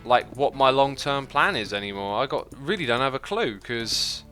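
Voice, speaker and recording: Bright-voiced man chatting on a livestream. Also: medium pitch, animated, moderate pace, soft background music. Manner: thinks aloud with many fillers and restarts. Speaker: livestreamer reading chat. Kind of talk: casual livestream chat while gaming.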